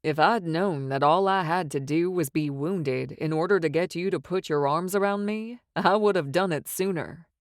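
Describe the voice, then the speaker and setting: A woman's voice: on the low side, normal speed, few pauses, dry recording, studio quality, natural voice. A woman reading the part of a teasing, cocky male wizard in an audiobook, with mocking, sing-song taunts. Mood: flirtatious.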